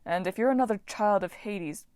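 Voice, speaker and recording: A woman's voice: medium pitch, moderate pace, darkish tone, no room sound, studio quality, lightly acted. A woman voicing an eccentric, self-absorbed male farming god, chatty and enthusiastic, in a storybook reading.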